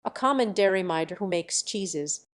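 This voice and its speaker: A band of young pages from a fairy tale, jeering and shouting as they chase a girl out of town, voiced by a woman reading aloud. Their lines sound mocking and rowdy. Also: medium pitch, animated, moderate pace, lightly acted.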